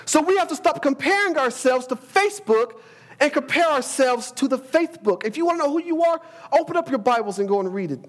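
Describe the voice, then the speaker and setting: A man's voice: extremely high pitch, animated, a little fast. A man preaching a sermon, emphatic, often repeating words as he builds a point and quoting scripture.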